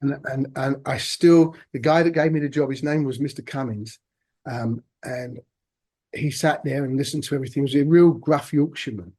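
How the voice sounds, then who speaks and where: Husky man in his sixties. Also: medium pitch, darkish tone. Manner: halting, reflective, many restarts. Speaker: podcast guest. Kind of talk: personal storytelling interview.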